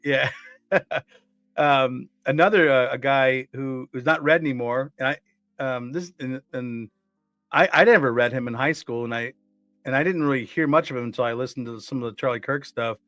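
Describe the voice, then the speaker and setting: A man's voice: medium pitch, normal speed, a bit bright, no echo, soft background music. A man co-hosting a casual talk show, speaking earnestly and often repeating words as he restarts his sentences. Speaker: co-host. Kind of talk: casual conversational commentary.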